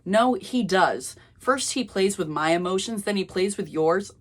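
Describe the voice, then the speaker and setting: A woman's voice: mid-range voice, lively intonation. Woman reading as a hot-tempered teen schoolgirl. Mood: indignant. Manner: indignant, quick to anger.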